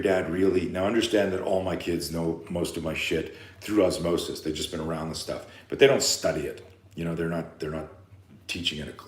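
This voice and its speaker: A man speaking at a live seminar, telling a parenting story with lively acted-out quotes and talking straight to the parents in the audience. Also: deep voice, roomy sound. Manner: animated storyteller, acts out quotes, addresses parents directly. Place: seminar room.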